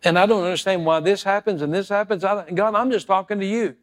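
A man delivers a sermon in a fairly high voice. He drifts between soft, prayerful musing and loud, fervent preaching. Now and then he acts out scripture and everyday stories in voices of their own. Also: steady tone, fast. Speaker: pastor.

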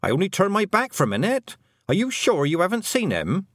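A man's voice: high voice, huge pitch swings, brisk, no echo, studio quality, pitched above the performer's own voice, full character voice. A man voicing a frantic farm mother, urgent and commanding. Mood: panicked. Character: panicked farm mother hunting her son.

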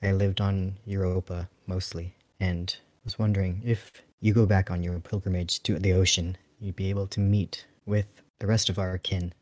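A man plays a deep-voiced uplifted dolphin pilot, formal and gentle, who addresses a young listener as "child" in a measured, patient way. The voice is very low and dry, with no room sound. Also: level tone, dry recording, close to an everyday voice. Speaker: player. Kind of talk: tabletop role-play, in character.

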